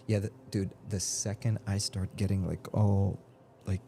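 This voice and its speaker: A man's voice: on the low side, level tone, moderate pace, gravelly, dark tone, soft background music. A man live-streaming a game, chatting casually and rambling as he reads out viewers' messages. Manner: rambling and talkative, reads chat aloud.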